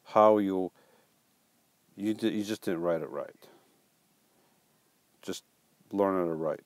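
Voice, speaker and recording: A man's voice: deep voice, slow pace, no echo. A man hosting a casual live stream, reading viewer comments aloud and joking back with playful teasing and stumbling restarts.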